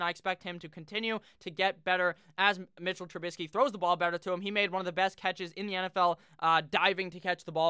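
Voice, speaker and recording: A man's voice: high-pitched, sharp tone, clear, resonant tone, no room sound, studio quality. A man giving a casual, brash fantasy football recap, joking and swearing freely. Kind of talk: casual profane sports recap.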